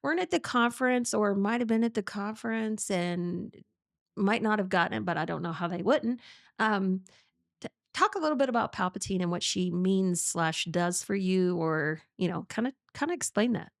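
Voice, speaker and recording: A woman hosts a casual interview podcast, chatty and quick to laugh. She often restarts her sentences mid-thought. Her voice sits at a middle pitch with a dry, close sound. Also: lively intonation, gravelly, no room sound. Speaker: podcast host.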